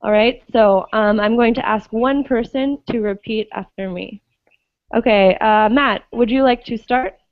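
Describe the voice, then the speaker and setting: Higher-pitched woman teaching pronunciation. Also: unhurried, dry recording, phone-quality sound. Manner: patient, clear, checks understanding with "okay?". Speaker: English teacher. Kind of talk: online pronunciation class.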